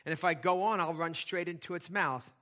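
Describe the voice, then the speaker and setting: A frightened, thirsty young girl pleads in a raised, high voice, as a man puts her on while reading. The tone is bright and tense, anxious and imploring throughout. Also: a little fast. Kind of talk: reading a storybook aloud.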